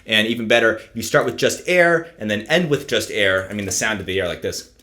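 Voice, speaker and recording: This saxophone teacher has a fairly low voice and talks a little fast as he casually lays out his practice routine on video. His manner is relaxed, and he often pauses to ask "right?"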